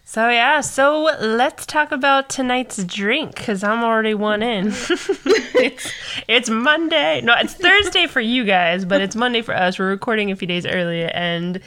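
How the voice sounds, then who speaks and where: A young adult woman co-hosting a podcast, joking and laughing through relaxed casual chat. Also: on the high side, measured pace. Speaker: podcast co-host.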